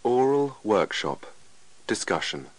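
A man reading English lesson texts aloud as scripted narration, slow and measured. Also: on the low side, big pitch swings, poor audio.

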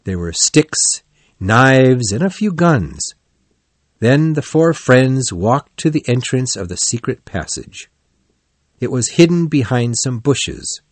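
Man reading a storybook, dry and even. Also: mid-range voice, takes it slowly, no echo. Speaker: narrator. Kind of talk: scripted storybook narration.

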